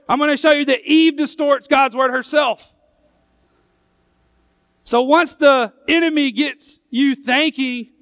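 A man's voice: extremely high pitch, fairly bright tone, dry recording. A man preaching a sermon as pastor, reading scripture aloud and making his points with emphasis. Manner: emphatic preaching, reads scripture aloud, voices the questioning crowd.

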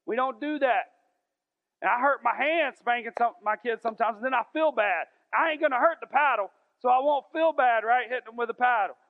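A man, preaching a folksy, emphatic sermon to a church congregation and slowing down for scripture. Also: extremely high pitch. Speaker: pastor. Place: large church sanctuary. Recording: thin phone-like sound in a reverberant hall.

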